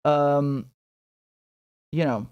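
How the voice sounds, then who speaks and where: Male live-stream host, higher voice, profane and blunt, reading chat on a dry close mic. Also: drawn-out words, clean tone, no echo, highs cut off. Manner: blunt, profane, animated, with many repeated words. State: has a headache. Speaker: political commentator hosting a live stream.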